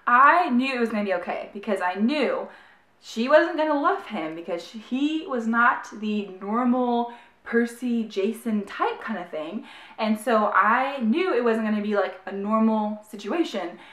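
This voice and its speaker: Young woman gushing over a book, says "like" nonstop, kinda high voice, roomy echo. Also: measured pace. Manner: gushing, excited, heavy use of "like". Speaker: book reviewer. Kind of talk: casual book review.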